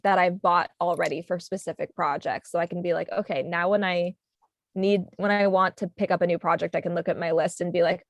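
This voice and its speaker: A woman chats casually with a slightly low voice, full of fillers and small laughs. The sound is dry and close, as on a video call. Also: fairly even intonation, a little fast, dry recording. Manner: chatty, uses lots of likes, laughs while talking. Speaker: guest. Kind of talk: casual chat on a livestream.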